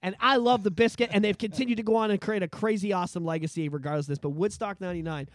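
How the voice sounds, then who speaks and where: A man co-hosting a casual podcast, talking in a loud, profane and animated way, often breaking into shouts. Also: high-pitched, racing, dry recording, clean studio sound. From Canada. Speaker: podcast co-host.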